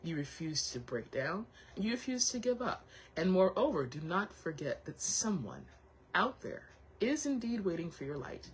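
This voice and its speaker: Husky low-voiced woman hosting a chat. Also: sing-song, normal speed, poor audio. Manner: encouraging and heartfelt, repeating reassurances; thinks aloud with frequent restarts. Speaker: host. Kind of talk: casual motivational chat.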